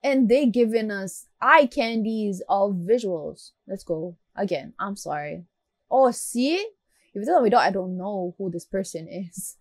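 A woman's voice: medium pitch, expressive, measured pace, darkish tone, faint music behind. A woman doing casual anime reaction commentary, chatty and emotional as she talks straight to her viewers. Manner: chatty, addresses viewers directly; emotional, gushing.

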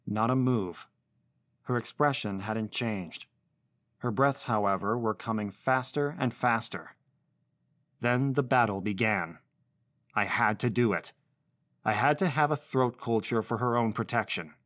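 A man narrating a literary short story in first person, with a measured, intense reading. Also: medium pitch, fairly bright tone, no room sound.

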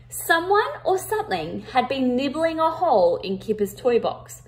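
A woman reading a picture book aloud to children, with expressive emphasis, and pausing to ask her listeners questions. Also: sits high, a little hiss or hum. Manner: interactive, asks the listeners questions.

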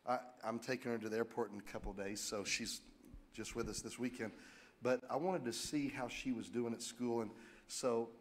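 Middle-aged male pastor, lively joking preacher, bursts of loud emphasis. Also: mid-range voice, normal speed, a little hiss or hum. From United States. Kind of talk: sermon.

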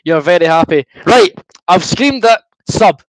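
Hosting a football watchalong livestream, a young high-voiced Scotsman reads viewer comments aloud and responds in a chatty, good-humoured way at a moderate pace. Gulping fizzy juice has left him slightly queasy. The low-quality recording sounds dry and close, without echo.

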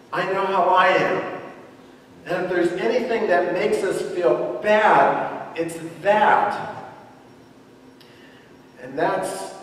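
A pastor in his fifties preaching a sermon, emphatic and asking his congregation questions. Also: high voice. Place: church sanctuary. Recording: echoey church hall from far off.

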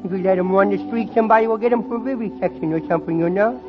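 A man's voice: sits high, very fast, over music, natural voice. A man voicing a mischievous, wheedling little boy who talks in giggly, ungrammatical baby talk in a 1940s radio comedy. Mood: pleading. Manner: lisping baby talk, giggly, bad grammar. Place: radio studio before live audience. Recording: muffled vintage radio, audience laughter, hiss.

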